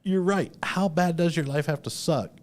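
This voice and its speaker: A man's voice: fairly high pitch, moderate pace, darkish tone. A man hosting a podcast, telling news stories in a casual, profane way during a live broadcast from a store. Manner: profane storytelling of news items. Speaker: podcast host. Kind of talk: casual chat.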